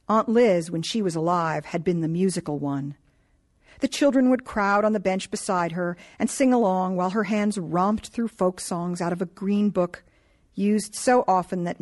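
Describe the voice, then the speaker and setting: A woman narrating a novel in a calm, measured reading voice. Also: lowish voice. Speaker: audiobook narrator. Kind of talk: scripted narration.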